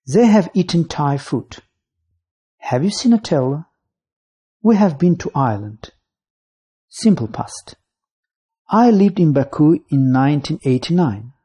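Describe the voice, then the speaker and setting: A voice narrating a scripted English grammar lesson, reading out rules, lists of signal words and example sentences in a measured way. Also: mid-range voice, mellow, husky.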